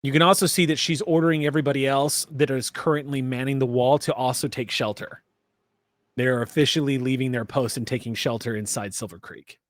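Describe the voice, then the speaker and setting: A man narrating a tabletop game as game master, relaxed and chatty with many fillers. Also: mid-range voice, fairly quick, no room sound.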